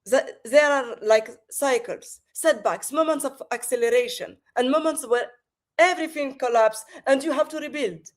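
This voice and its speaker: A woman with a French accent, a podcast guest speaking over a video call, with many pauses and restarts. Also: high-pitched. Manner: hesitant, many fillers and restarts. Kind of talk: remote interview.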